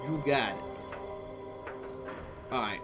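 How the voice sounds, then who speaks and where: A man's voice: mid-range voice, takes it slowly. Man swearing casually over game music. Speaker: streamer. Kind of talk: casual gameplay commentary.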